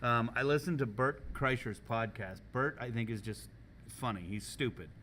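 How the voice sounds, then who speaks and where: A man hosting a casual podcast, telling animated, profane stories and laughing often, recorded in a school culinary kitchen. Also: mid-range voice, moderate pace, slight background noise. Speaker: podcast host and culinary teacher.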